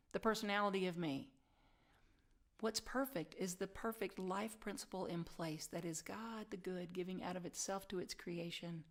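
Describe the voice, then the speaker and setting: A middle-aged woman pastor preaching to her community, mid-pitched and relaxed. Her delivery is conversational and self-deprecating, like telling a story to friends. She sometimes drops to a soft whisper to stress a point. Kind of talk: sermon.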